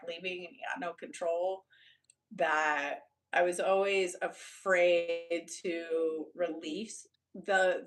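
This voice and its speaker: A young Texan woman chatting casually with viewers on a live stream, blunt and loose, swearing and laughing often. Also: lowish voice. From Texas. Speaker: YouTuber.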